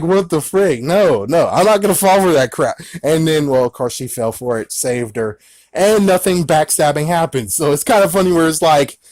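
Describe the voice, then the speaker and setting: Excitable man rambling through a review. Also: fairly high pitch, no room sound. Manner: excitable, rambling, full of exclamations. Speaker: movie reviewer. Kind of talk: casual movie recap.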